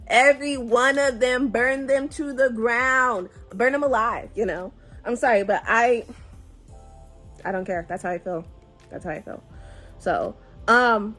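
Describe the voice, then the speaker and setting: A woman with a husky, medium-pitched voice hosts a casual book club vlog, chatty and emotional, sighing often as she reacts to the story.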